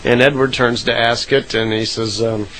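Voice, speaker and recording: A man's voice: mid-range voice, steady tone, normal speed, a bit bright, a little hiss or hum, rough recording. A man casually retelling a recorded account, rambling with frequent "uh" fillers and self-corrections.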